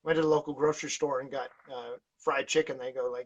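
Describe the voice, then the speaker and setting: This podcast guest talks fast in a mid-range voice, barely pausing as he rambles through stories with lots of fillers and restarts. He's animated and laughs while telling them, and the recording sounds dull and lo-fi.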